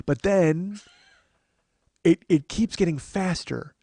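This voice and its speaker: A man's voice: high-pitched, slow pace, gravelly, warm tone, breathy edge, no room sound. Rambling, swearing man in his forties. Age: 40s. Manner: rambling, self-mocking, swears freely. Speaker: podcast host. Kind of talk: casual comedic podcast chat.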